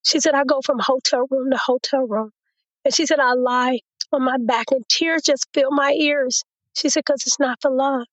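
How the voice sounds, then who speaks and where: As a guest in an interview, a woman recounts her personal testimony, animatedly quoting the people involved. Her high voice moves at a moderate pace, recorded without echo in lo-fi sound.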